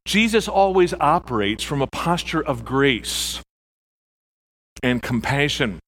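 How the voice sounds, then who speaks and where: A man preaching a sermon as pastor, animated, acting out the voices in his stories. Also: mid-range voice, takes it slowly.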